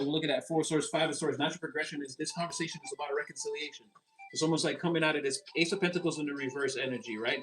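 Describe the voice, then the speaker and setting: A man talks through a tarot reading in a loose, rambling way. He keeps restarting his sentences and gets visibly excited as he goes. His pitch sits in the middle range, and faint music plays in the background. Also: low-quality recording. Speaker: tarot reader.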